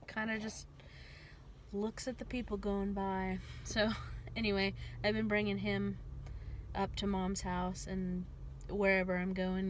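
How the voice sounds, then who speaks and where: A woman's voice: mid-range voice, a little hiss or hum. A young adult woman chatting casually to her viewers from inside a car, laughing often. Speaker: vlogger. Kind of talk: casual vlog chat.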